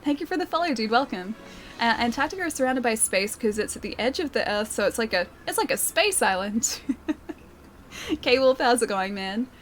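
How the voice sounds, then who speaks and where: A woman's voice: a little high, animated, moderate pace, a little hiss or hum. Chatty Australian woman streaming a game. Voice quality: soothing. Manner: chatty, laughs often, reads and answers chat. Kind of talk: casual live-stream chat while gaming.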